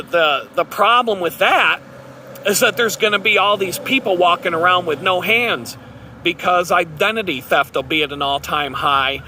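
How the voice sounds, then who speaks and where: A man's voice: on the high side, bright, forceful tone, slight background noise. A man who vlogs, ranting casually to the camera in a sarcastic, mocking, rambling way, recorded outdoors in a town. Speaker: vlogger.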